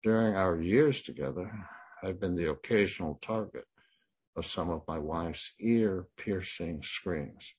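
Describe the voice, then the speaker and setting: A man in his sixties reading his first-person memoir in a plain, measured way. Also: deep voice, a little mellow, slightly rough. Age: 60s. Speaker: memoir narrator.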